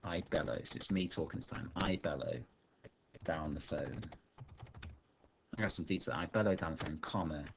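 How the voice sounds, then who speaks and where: A male teacher thinking aloud as he writes a story, dictating sentences slowly while typing. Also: rumbling low, gravelly, background noise. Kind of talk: online writing lesson while typing.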